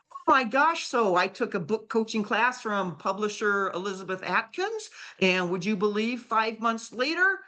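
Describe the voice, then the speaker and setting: Lively older woman telling her story. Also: fairly high pitch. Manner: acts out quoted voices, lively and exclamatory. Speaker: guest author. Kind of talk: animated storytelling on a talk show.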